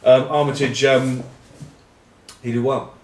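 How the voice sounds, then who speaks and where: A man's voice: mid-range voice, little pitch movement, slow. A man, rambling wryly and cheekily in casual rugby chat to camera. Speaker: rugby pundit and vlog host. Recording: roomy echo, distant mic.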